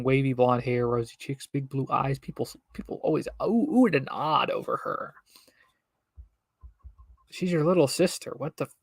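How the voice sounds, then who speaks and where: A man's voice: mid-range voice, gravelly, dry recording. A young man casually reading a children's book aloud on a stream, breaking off for bemused jokes. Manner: reads with joking, bemused asides. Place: home streaming setup.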